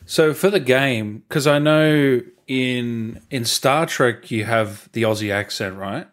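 A man's voice: medium pitch, slow, a bit bright. A man hosting a casual interview, easygoing and asking questions with lots of tag questions. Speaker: podcast host.

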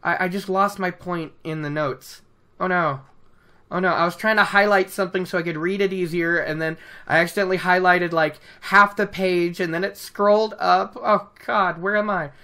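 A book recap podcast host casually retells a novel from notes, chatting, laughing between asides, and interrupting herself. The voice is medium-pitched and sharp, with fairly even intonation at a normal speed.

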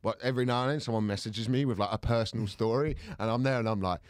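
A man who co-hosts a podcast and does comedy, chatting in quick, rambling banter full of slang. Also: mid-range voice, dry recording, clean studio sound. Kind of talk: casual podcast chat.

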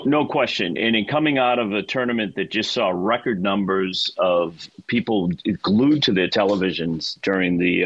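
A man with a Boston accent talks sports as a radio guest, telling stories in an emphatic, chatty way. His voice is low and husky. The sound is dry and dull, like a lo-fi remote line. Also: dry recording. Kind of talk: casual radio chat.

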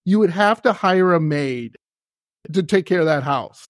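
A man hosting a podcast, telling a story in casual chat, animated and laughing often. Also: on the high side, measured pace. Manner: animated, laughs often, acts out quoted voices. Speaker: podcast host.

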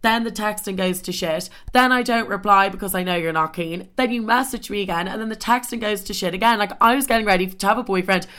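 A young woman telling a story in a casual, animated way, swearing often and saying "like" constantly. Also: medium pitch, quick pace, few pauses. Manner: animated, swears a lot, heavy filler "like".

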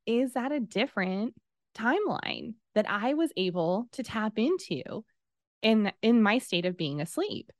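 A woman in her thirties telling a personal story in casual conversation, acting out the quoted dialogue with lively swings in her voice. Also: fairly high pitch, unhurried, no echo, studio quality. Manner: animated, acts out quoted dialogue.

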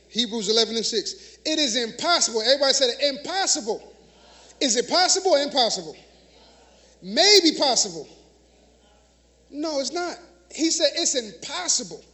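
A man's voice: very high voice, pushed and bright. A man preaches in a church. He talks conversationally, then drives points home with emphatic repetition and questions thrown out to the congregation. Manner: emphatic, call-and-response preaching. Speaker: minister. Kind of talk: sermon.

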